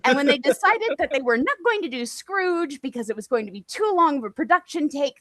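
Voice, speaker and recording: A woman's voice: high-pitched, brisk, hardly any pauses, dry recording. A woman guest on a livestream, telling a personal story in a sarcastic, passionate and self-mocking way. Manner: animated and self-mocking, laughs often. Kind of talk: casual storytelling chat.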